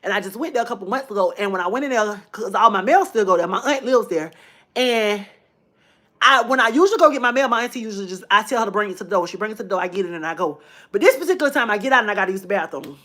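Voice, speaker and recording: A woman's voice: medium pitch, animated, quick pace, pushed and bright. A woman, telling a personal story to her viewers in a chatty, emotional way. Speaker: vlogger.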